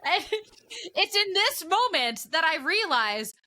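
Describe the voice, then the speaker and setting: Bright high-voiced woman telling a story. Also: a little slow. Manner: animated storytelling with frequent laughter. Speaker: podcast co-host and broadcast commentator. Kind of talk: casual podcast chat, storytelling.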